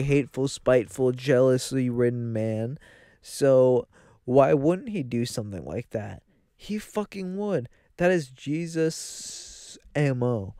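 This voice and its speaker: A man's voice: medium pitch, mellow, smooth, dry recording, studio quality. A young man co-hosting a crude comedy podcast, rambling through profane, mock-grandiose rants. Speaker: podcast co-host.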